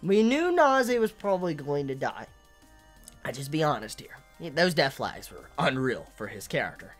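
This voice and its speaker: A woman's voice: deep voice, big pitch swings, moderate pace, soft background music. A woman reviewing anime in an angry, profane rant, stumbling over and repeating her words.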